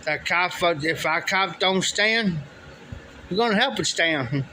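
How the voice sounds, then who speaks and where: Man, casual storyteller, rambling, fairly high voice, bright tone. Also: expressive, takes it slowly, a little hiss or hum, poor audio. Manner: rambling, repeats "he says" and "I said" often. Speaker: livestream storyteller. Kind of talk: casual spoken anecdote.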